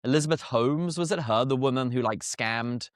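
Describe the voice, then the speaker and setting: A British man talks as a podcast guest, blunt and rambling, full of "like" and quick asides. His voice sits at an ordinary middle pitch. The recording is close and dry, with no room sound. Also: dry recording. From Britain. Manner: blunt, chatty, frequent filler words and laughs. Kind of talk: casual conversational interview.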